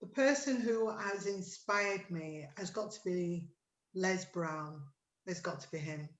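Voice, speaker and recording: A woman's voice: on the low side, takes it slowly, roomy sound, low-quality recording. A woman hosting an online chat over a video call, chatty and emotional with lots of fillers. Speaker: host of an online chat show.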